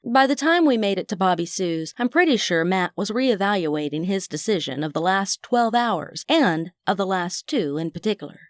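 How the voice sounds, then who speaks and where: A woman's voice: mid-range voice, lively intonation, moderate pace, hardly any pauses, no echo, studio quality. A woman narrating a first-person audiobook in a wry, chatty manner.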